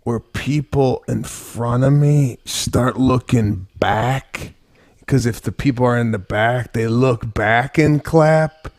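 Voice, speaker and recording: A man's voice: medium pitch, slow pace, a little mellow, dry recording, clean studio sound. A man co-hosting a comedy podcast, ranting animatedly and acting out little scenes. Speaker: podcast co-host. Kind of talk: casual comedy chat.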